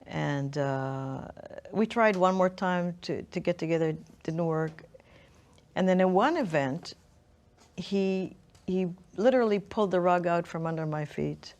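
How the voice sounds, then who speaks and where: A middle-aged woman telling her life story as an interview guest, speaking thoughtfully and haltingly, often restarting her sentences. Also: fairly low pitch, a little mellow. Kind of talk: reflective personal storytelling.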